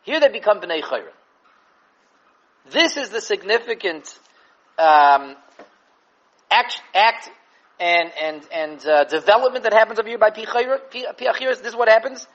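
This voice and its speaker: A man giving an animated Torah class on the weekly portion, mixing Hebrew and Yiddish terms into English and repeating words as he thinks. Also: sits high, normal speed, pauses often, highs cut off. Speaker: Torah teacher.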